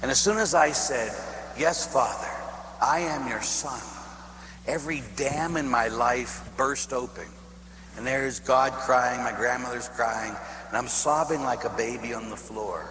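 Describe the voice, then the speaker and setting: A man from Pittsburgh, a priest, preaching a sermon as a lively storyteller who acts out voices and laughs at his own tale. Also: medium pitch, moderate pace. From Pittsburgh, USA. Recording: echoey hall with faint hum.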